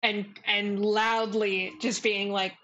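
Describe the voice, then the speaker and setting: A woman's voice: medium pitch, level tone, slow, a bit bright, lo-fi sound, slight background noise. A woman as dungeon master, narrating a tabletop game in a playful way with frequent laughter. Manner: playful, laughs often, hesitant fillers.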